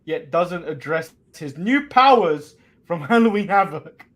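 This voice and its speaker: A man's voice: fairly high pitch, animated, a little slow, a bit bright. A man co-hosting a casual wrestling podcast, recapping events with frequent ums and the odd swear word. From England. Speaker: co-host.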